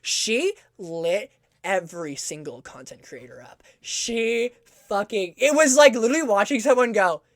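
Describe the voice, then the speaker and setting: Speaking a bit slowly at medium pitch, a woman hosting a casual podcast tells a story full of swearing and sarcasm, animated and profane. The recording is clean studio sound without any room tone.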